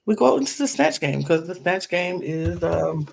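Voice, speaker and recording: A man's voice: sits high, big pitch swings, moderate pace, gravelly. A man co-hosting a podcast, chatting casually with short, laid-back replies. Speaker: podcast co-host. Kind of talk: casual recap chat.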